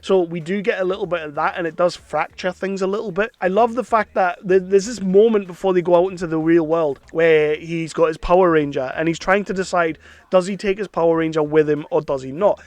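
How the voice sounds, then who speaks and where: A man's voice: high voice, steady tone, a little fast, no echo. A man giving an enthusiastic, chatty film review, sometimes slipping into playful impressions. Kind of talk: casual film review monologue.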